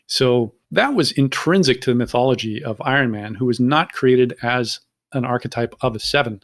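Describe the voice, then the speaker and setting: A man's voice: medium pitch, moderate pace, fairly bright tone. A man with a mid-range voice talks through his views on a podcast. He speaks fluently and reflectively, in a casual tone. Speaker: podcast co-host. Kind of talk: casual discussion.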